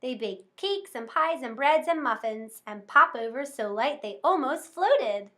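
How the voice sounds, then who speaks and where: A woman reads a children's storybook aloud in a high, bright voice. Her telling is expressive and rhythmic. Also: unhurried.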